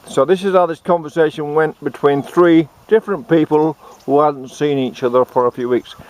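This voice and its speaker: A man with an Australian accent delivering a satirical monologue, giving deadpan, sarcastic mock advice outdoors. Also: a little high, normal speed.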